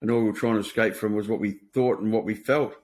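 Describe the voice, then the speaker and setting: A man's voice: on the low side, fairly even intonation, fast talker, darkish tone. A man, hosting a podcast in a blunt, matter-of-fact way and swearing freely. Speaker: podcast host. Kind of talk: casual conversation.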